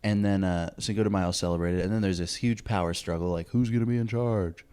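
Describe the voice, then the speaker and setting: A man's voice: low-pitched, steady tone, fast talker, dark tone, clean tone. A man co-hosting a casual comedy podcast, rambling through a loose history recap with fillers and swearing. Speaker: podcast co-host.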